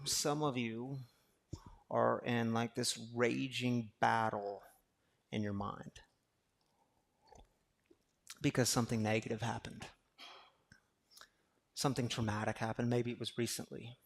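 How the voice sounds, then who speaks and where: A man's voice: medium pitch, vocal fry. A man preaching a sermon to a live congregation, calling them y'all and acting out a talk with his own fear. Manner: acts out inner dialogue with fear. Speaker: pastor. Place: room with a live audience.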